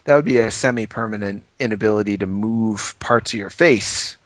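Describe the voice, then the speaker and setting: A man's voice: fairly low pitch, moderate pace, no room sound. A man co-hosting a casual podcast, chatting earnestly and giving mock-doctorly advice. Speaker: podcast co-host. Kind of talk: casual chat.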